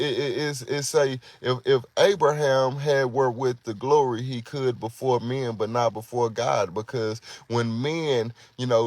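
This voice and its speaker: Man preaching a relaxed, conversational sermon. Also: mid-range voice, no room sound. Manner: conversational, repeats words often, voices quoted prayers. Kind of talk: informal sermon.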